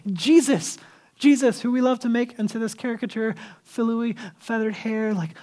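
A man's voice: high-pitched, fairly even intonation, fairly quick, darkish tone. A male pastor preaching a sermon in a casual, conversational way, acting out the people he quotes and dropping to a whisper for emphasis.

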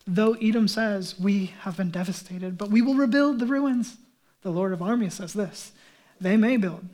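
Guy pastor preaching, kinda high voice, chatty and animated, lots of asides. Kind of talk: sermon.

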